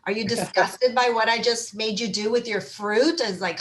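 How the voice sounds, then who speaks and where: A woman's voice: on the high side, normal speed, hardly any pauses, a bit bright. A woman gives an encouraging wellness talk to an online panel audience. She speaks conversationally and livens up when she acts out everyday feelings. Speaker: mental health speaker.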